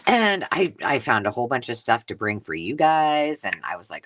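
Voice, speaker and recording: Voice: mid-range voice, very animated, normal speed, a bit bright. A craft host chatting casually on a live stream, rambling through stories and cutting off her own sentences as she unboxes finds at home. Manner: rambling, self-interrupting storyteller.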